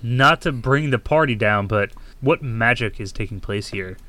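A man's voice: mid-range voice, normal speed, pushed and bright. A man playing in a tabletop game, talking hesitantly and asking questions. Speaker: player. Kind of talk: tabletop role-play.

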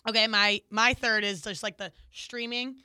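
A young woman co-hosting a podcast, chatting casually and telling stories with quick giggles. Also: medium pitch, fairly even intonation, pushed and bright, clear, resonant tone, dry recording, clean studio sound. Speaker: podcast co-host. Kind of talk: casual chat.

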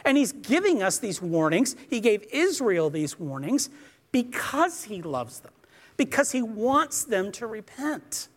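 A man delivers a sermon with earnest emphasis. His pitch rises and falls in a lively way, and he acts out the quoted exchanges he describes. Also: measured pace. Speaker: preacher.

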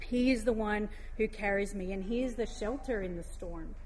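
A woman giving a heartfelt devotional talk, reading scripture aloud slowly and gently. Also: mid-range voice, slight background noise.

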